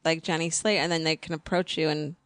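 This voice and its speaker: A woman's voice: sits low, flat delivery, fairly quick, fairly bright tone, no echo. A woman co-hosting a casual chat, bubbly and teasing. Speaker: podcast co-host.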